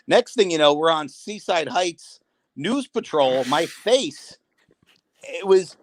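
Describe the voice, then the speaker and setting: A man telling animated stories in a casual podcast conversation. He laughs often and acts out the voices of the people he quotes. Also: fairly high pitch, slow pace, no echo. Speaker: guest, prank video maker and wrestling promoter.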